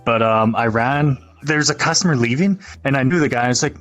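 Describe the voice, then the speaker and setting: Animated man with a laughing storytelling manner. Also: a little high, brisk, dull audio. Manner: animated, laughs while telling, swears freely. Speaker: interviewee. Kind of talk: casual storytelling.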